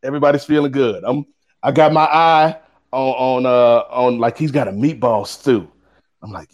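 A man telling a funny story in casual chat, animated and acting out the people in it. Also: normal speed. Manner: lively, acts out quoted voices with big pitch swings. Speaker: guest co-host.

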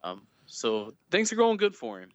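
A man chatting as a guest on a fan podcast, telling lively anecdotes and acting out quotes. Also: mid-range voice, normal speed, no room sound, dull audio. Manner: storytelling, animated retelling of quotes. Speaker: guest, fan club leader. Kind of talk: casual podcast chat.

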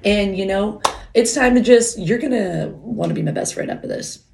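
A woman's voice: mid-range voice, normal speed, vocal fry, background noise. A woman in her thirties hosting a podcast from home, chatting casually in a rambling, giggly way into a microphone while wearing headphones. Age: 30s. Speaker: podcast host. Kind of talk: casual chat.

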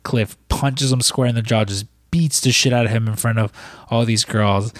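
A man's voice: medium pitch, fairly even intonation, normal speed, no room sound, clean studio sound. A man recapping a film in casual, rambling talk, full of fillers and swearing. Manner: rambling, profane, lots of fillers. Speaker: podcast co-host.

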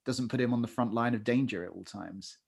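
Male podcast co-host, mid-pitched, chatty, restarts a lot. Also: fairly quick, gravelly, a little mellow, breathy edge. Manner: chatty, hedging with fillers and self-corrections. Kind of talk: casual chat.

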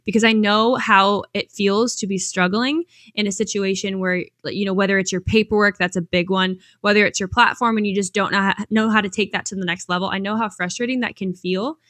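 Bright, upbeat woman podcast coach. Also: mid-range voice, dry recording, studio quality. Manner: upbeat, enthusiastic, chatty with fillers. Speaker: pageant coach and podcast host. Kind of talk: podcast monologue.

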